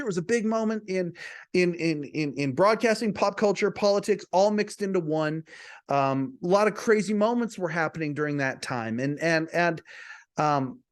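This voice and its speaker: A man who hosts a podcast, telling a personal story to camera in a chatty way, often repeating words and restarting. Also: sits high. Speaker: podcast host.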